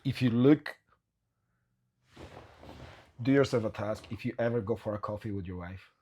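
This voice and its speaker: A man's voice: fairly low pitch, moderate pace, warm tone, slight background noise. A man in his thirties from Poland who hosts a podcast, chatting casually in non-native English and telling anecdotes. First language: Polish. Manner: loose non-native phrasing, tells anecdotes with acted quotes. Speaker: podcast host. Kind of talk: casual interview chat.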